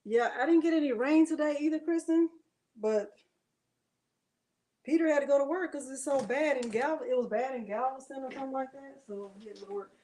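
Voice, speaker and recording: A high-pitched woman runs a live crafting demo from home. She keeps up a chatty, friendly patter, laughing often and addressing her viewers directly. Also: fairly quick, dark tone. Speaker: craft livestream host.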